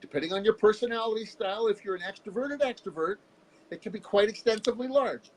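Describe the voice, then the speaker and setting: Animated Canadian man telling his story. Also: sits high, fast, a little hiss or hum, rough recording. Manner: animated, candid storyteller who jumps into voices. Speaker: guest. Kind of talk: casual interview storytelling.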